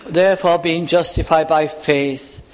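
A man preaching a sermon, reading scripture slowly and explaining it in an earnest, measured way. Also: on the high side, steady tone. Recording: reverberant hall.

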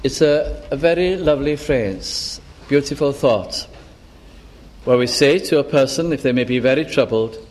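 A man preaching a sermon, slow and deliberate, repeating key phrases for emphasis. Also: mid-range voice, darkish tone.

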